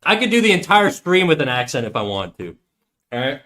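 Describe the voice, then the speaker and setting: A man streams himself drawing and talks casually to his viewers the whole time. His voice is bright and forceful and sits a little high. He jokes around and plays stubborn when his chat argues with him. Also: sing-song, a little fast. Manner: joking, mock-defiant banter with chat. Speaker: livestreamer drawing while chatting.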